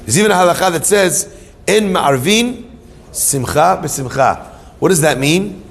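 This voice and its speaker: A middle-aged man, a rabbi, giving an animated sermon to a live audience. He tells stories, asks and answers his own questions, and mixes in Hebrew terms. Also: on the high side, a little slow, creaky. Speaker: rabbi teaching Torah. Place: hall with an audience. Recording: long reverb of a hall.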